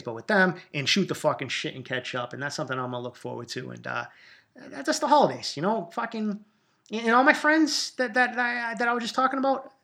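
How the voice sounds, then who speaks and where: A man's voice: a little high, a bit bright. Profane rambling man hosting a podcast. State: low, borderline depressed mood. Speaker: podcast host. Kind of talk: casual solo podcast monologue.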